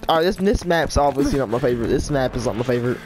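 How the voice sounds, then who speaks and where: A man's voice: medium pitch, expressive, rapid-fire, over music. A man giving rambling, frustrated gameplay commentary in a whiny tone. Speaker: gaming YouTuber.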